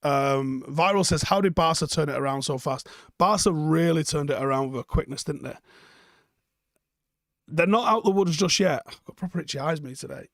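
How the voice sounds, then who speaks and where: A man's voice: on the high side, normal speed, creaky, dry recording, studio quality. A man hosting a live stream, chatting casually and bluntly while reading out viewer comments, swearing freely.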